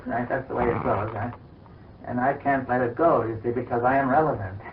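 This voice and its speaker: A man in a philosophical conversation who reasons slowly and hesitantly, explaining step by step and leaning on "you see.". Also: mid-range voice. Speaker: scientist in discussion. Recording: distant, tinny archival recording with faint hiss.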